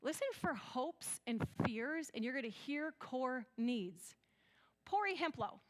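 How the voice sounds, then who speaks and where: Earnest high-voiced woman speaker. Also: slow pace. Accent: West Michigan. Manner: earnest, storytelling, quotes others in dialogue. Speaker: conference speaker. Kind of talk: conference talk.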